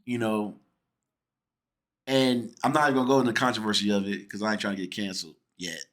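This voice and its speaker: A man's voice: on the low side, quick pace. A man hosting a casual film review chat with his sister, telling stories and acting out what people said. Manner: animated storyteller who acts out quoted people.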